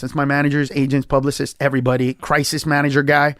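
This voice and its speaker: As a guest on a podcast, this male comedian delivers an emphatic, swear-laden story, suddenly jumping in pitch to act out what people said. His tone is level and fairly bright at a quick pace, in a dry, studio-quality recording.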